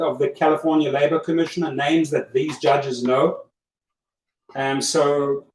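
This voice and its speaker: Emphatic South African man, echoey room. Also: a little high. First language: German. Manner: coaching, emphatic, repeats himself. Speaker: livestream host. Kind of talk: casual livestream chat. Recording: echoey room, far from mic, faint noise.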